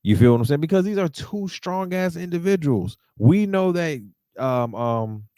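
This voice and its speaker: A man hosting a podcast, giving an animated, slangy recap of a manga chapter. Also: a little high, normal speed, clear, resonant tone, no room sound, clean studio sound. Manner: animated, slangy, repeats "you feel what I'm saying". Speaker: podcast host.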